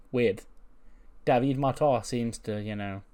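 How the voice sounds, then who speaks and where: This man's mid-range voice is warm, and he takes his time as he casually recaps a wrestling sim run for a let's-play. As a game commentator he keeps it chatty, swearing, laughing, and frequently starting sentences over.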